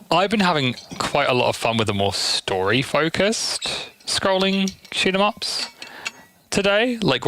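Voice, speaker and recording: A man's voice: medium pitch, fairly bright tone, dry recording. A young man streaming shoot-'em-ups, tired, rambling and swearing freely. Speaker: game streamer. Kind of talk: casual gameplay stream commentary.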